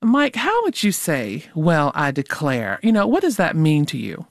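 A radio host's voice, mid-pitched and measured, asks friendly questions of two guests. It is recorded close and dry, with no room sound. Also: huge pitch swings, vocal fry, no echo. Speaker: radio interview host. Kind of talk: radio interview.

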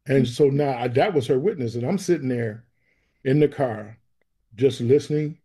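A man's voice: medium pitch, normal speed, dark tone, slightly rough. A man earnestly recounting his faith testimony as an interview guest, bringing the story to life by acting out the dialogue. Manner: vivid storyteller who acts out quoted dialogue; earnest and emotional.

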